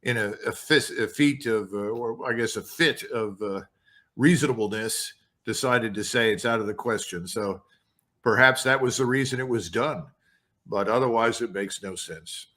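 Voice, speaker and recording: An older man answers as a guest on an interview show, blunt and emphatic. His voice has a bright, forward tone, and he sits at a middling pitch for a man. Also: moderate pace. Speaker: guest commentator.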